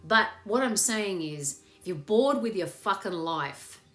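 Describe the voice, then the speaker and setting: A woman's voice: medium pitch, lively intonation, unhurried, fairly bright tone. A woman hosting a casual live chat that leads into a meditation, upbeat and swearing freely. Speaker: meditation host. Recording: echoey room with faint music.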